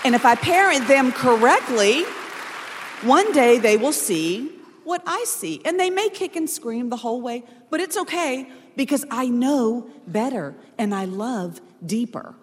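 A middle-aged woman preaching to parents, earnest and direct, with a slightly high voice. Long hall reverb and a faint crowd sit behind her. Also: sing-song, a little slow. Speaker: pastor's wife. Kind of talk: sermon.

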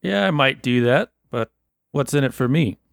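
A man voicing a blunt, suspicious 1920s police officer in a tabletop role-play, gruff and dismissive. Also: mid-range voice, animated, moderate pace, no echo, clean studio sound. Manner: gruff, plain-spoken, dismissive. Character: blunt suspicious male 1920s Boston cop.

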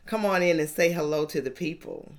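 A woman's voice: low-pitched, brisk. A middle-aged woman from Georgia, hosting a podcast interview in an upbeat, emphatic way. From Georgia, USA. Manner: upbeat, emphatic, sing-song intro. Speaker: podcast host.

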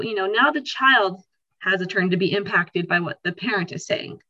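A woman podcast host talks through her points at a medium pitch, slipping into little acted-out voices to show how people feel. Her voice comes through a dull, lo-fi recording. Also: moderate pace. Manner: animated, acts out quoted feelings. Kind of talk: explaining a topic conversationally.

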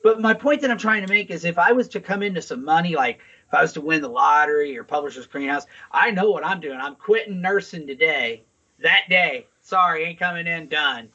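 A man's voice: on the high side, brisk, sharp tone, husky, muffled recording. A man co-hosting a podcast in casual chat, talking in a rambling, profane way. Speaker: podcast co-host. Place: Saint Louis.

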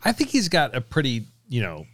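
A man in casual banter with friends, blunt and quick to swear, laughing easily as he reacts. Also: medium pitch, huge pitch swings, a bit bright, no echo, studio quality.

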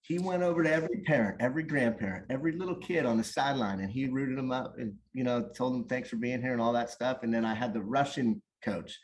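A man in casual conversation, spinning a long story in an animated way. His voice sits at an ordinary middle pitch, and he keeps restarting his sentences as he goes. It sounds like relaxed, unscripted talk. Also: fast, hardly any pauses. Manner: animated, rambling with many restarts. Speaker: guest or co-host, youth soccer coach.

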